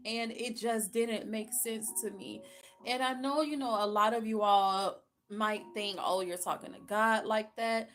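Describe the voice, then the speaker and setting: A woman's voice: a little high, steady tone, measured pace, a bit bright, soft background music. A woman giving a candid personal faith testimony, earnest and frank, repeating phrases for emphasis. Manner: speaks to God plainly and frankly. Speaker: faith vlogger.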